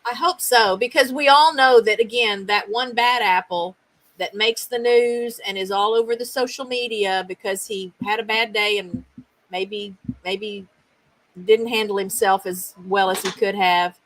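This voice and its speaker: A woman's voice: medium pitch, steady tone, a little slow, fairly bright tone, low-quality recording. Lady podcast host, chatty, backs her guest up with lots of yeahs. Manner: supportive, frequent short agreements. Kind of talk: casual interview.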